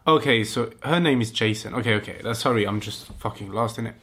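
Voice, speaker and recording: A man's voice: on the low side, quick pace, fairly bright tone, husky. A man hosting a podcast, reading a romance story aloud and breaking off into giggly, mocking comments. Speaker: podcast host. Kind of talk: comic reaction reading.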